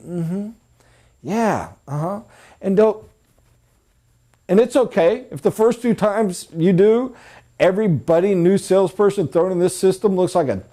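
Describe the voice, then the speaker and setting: A man teaching a sales training class, talking casually and acting out examples for his trainees. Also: fairly high pitch. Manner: animated, acts out examples.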